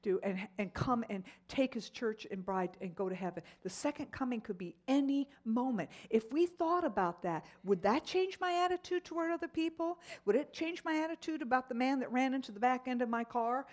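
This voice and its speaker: A middle-aged woman teaching a Bible lesson, telling stories in an animated way with frequent exclamations. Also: sits high, a little fast, few pauses.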